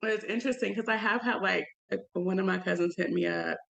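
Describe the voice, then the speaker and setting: Podcast co-host, young woman, gravelly fry in her voice, chatty, animated storyteller. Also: medium pitch, fast talker. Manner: animated storyteller, acts out quoted people in shifting voices. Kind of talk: casual chat.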